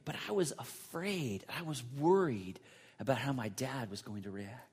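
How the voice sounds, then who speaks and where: A man's voice: medium pitch, expressive, moderate pace, a little mellow, breathy edge. A man preaching a sermon as pastor, telling a personal story in an earnest way.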